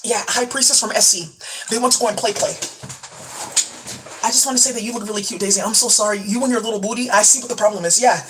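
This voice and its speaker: Speaking fast in a medium-pitched, fairly bright voice, a woman vlogs while showing off beauty products, jumping from topic to topic in a conspiratorial, rambling way. Her talk is profane and packed with "like" fillers. The low-quality recording carries a bit of hiss or hum.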